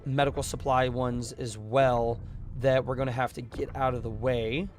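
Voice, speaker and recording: A young man streaming a space game live, chatting casually with his viewers, his voice a bit strained from yelling, with bursts of excitement. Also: mid-range voice, moderate pace, faint music behind. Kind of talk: casual live gameplay commentary.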